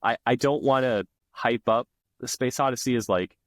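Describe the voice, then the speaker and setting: A man's voice: medium pitch, normal speed, no room sound. A man co-hosting a podcast, chatting casually and enthusiastically about films, with frequent restarts. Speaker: podcast co-host. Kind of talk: casual film discussion.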